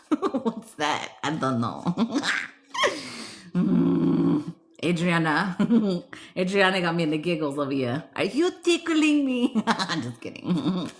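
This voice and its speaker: A woman's voice: on the low side, lively intonation, slow pace, long pauses. A woman hosting a casual livestream, reading chat and giggling often, switching between English and Spanish in a playful, teasing way.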